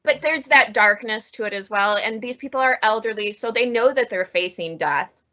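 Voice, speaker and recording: A woman's voice: on the high side, moderate pace, pushed and bright, lo-fi sound. A woman librarian chatting casually about funny books she has read, laughing often as she talks. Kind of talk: casual book review chat.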